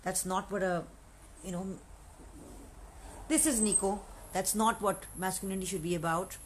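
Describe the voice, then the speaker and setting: A woman's voice: medium pitch, fairly even intonation, moderate pace, a little hiss or hum, rough recording. A woman from Pakistan chatting casually on a live stream, answering fans and mixing Urdu words into her English. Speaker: actress answering fan questions on a live stream.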